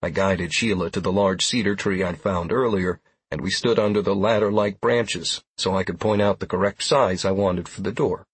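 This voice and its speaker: A man narrating a first-person audiobook in an even, steady storytelling manner. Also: low voice, normal speed, husky, no room sound.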